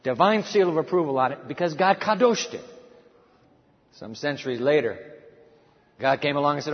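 A man delivers a sermon in a high, ringing voice, pressing his points with emphatic repetition and rhetorical questions. The recording sounds dull and muffled, with a long reverb trailing behind his words as in a large sanctuary. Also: moderate pace, pauses often. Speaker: preacher.

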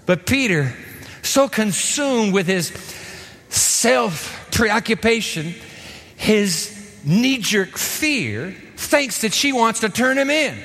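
A man preaching a sermon, telling the story in an animated way. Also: sits high, slow. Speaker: pastor. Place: church sanctuary. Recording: echoey hall.

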